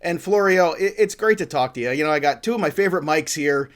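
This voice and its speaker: A man's voice: fairly high pitch, animated, fast, fairly bright tone. Upbeat joking man hosting a sports show. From Italian-American family. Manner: joking, enthusiastic, rambling. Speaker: podcast host.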